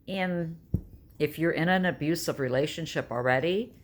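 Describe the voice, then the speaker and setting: Speaking at normal speed in a voice that sits low, a woman in her 60s from New York State tells stories in a casual home vlog. She is chatty, blunt and emphatic.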